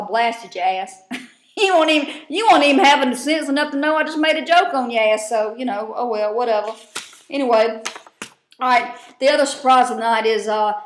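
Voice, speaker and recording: A woman, recapping a TV show in a casual vlog, blunt and profane with lots of rambling fillers. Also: a little high. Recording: roomy echo.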